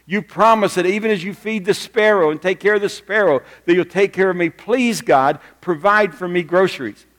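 A male preacher voicing a poor little old woman who prays aloud with simple faith, her voice raised higher than his own. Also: moderate pace, few pauses, a bit bright. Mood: pleading. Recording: long reverb of a church hall.

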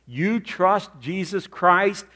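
A middle-aged man preaching a sermon as pastor, animated, rising and falling in loudness and asking the listeners rhetorical questions. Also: high voice, slow pace.

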